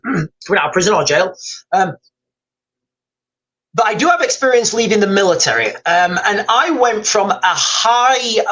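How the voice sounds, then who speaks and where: High-voiced man rambling on a livestream. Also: fairly bright tone, low-quality recording. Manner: rambling, repeats himself, reads viewer comments aloud. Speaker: livestream host. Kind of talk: casual livestream chat. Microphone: streaming mic.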